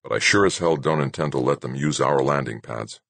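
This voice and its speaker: A man's voice: extremely low pitch, a little fast, creaky, fairly bright tone, no room sound, full character voice. A man voicing a determined, stubborn young man in an audiobook, close to his own voice.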